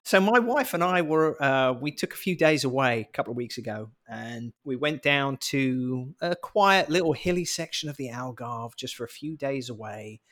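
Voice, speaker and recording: A man's voice: medium pitch, lively intonation, moderate pace, hardly any pauses, fairly bright tone. A man, co-hosting a podcast in casual chat, a chatty, jokey storyteller who mocks himself. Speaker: podcast co-host.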